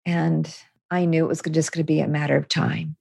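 A woman's voice: deep voice, level tone, fairly quick, vocal fry, darkish tone, slightly rough, no echo, clean studio sound. A woman guest on an interview, telling her own story in a candid, reflective way. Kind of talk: personal testimony.

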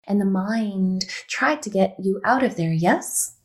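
A woman's voice: mid-range voice, lively intonation, measured pace, low-quality recording. A woman hosting an interview, speaking in an earnest, emphatic way that repeats phrases for weight. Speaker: podcast host. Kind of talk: spiritual interview talk.

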